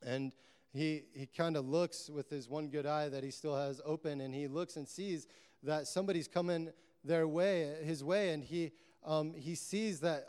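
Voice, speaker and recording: A man's voice: fairly high pitch, moderate pace, darkish tone, clean tone. A man preaching a sermon, telling a parable in long run-on sentences strung together with "and", in a church. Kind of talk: sermon storytelling. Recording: long hall reverb.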